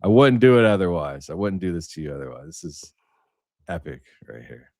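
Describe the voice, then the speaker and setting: Rambling low-voiced male streamer. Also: big pitch swings, brisk, darkish tone, no echo, clean studio sound. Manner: rambling storyteller, many fillers. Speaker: livestream host. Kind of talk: casual livestream chat.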